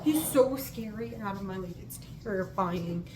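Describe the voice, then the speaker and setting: A woman's voice: mid-range voice, lively intonation, moderate pace, background noise. A woman telling stories in a casual vlog, gushing and giggly, rambling from one thing to the next. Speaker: student and vlogger.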